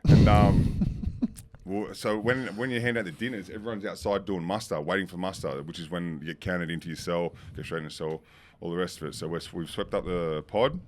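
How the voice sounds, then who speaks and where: An Australian man on a podcast as a guest, telling stories in casual chat, swearing freely and getting loud and laughing as a story builds, recorded in a pub. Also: low-pitched, fairly even intonation, brisk, a little hiss or hum.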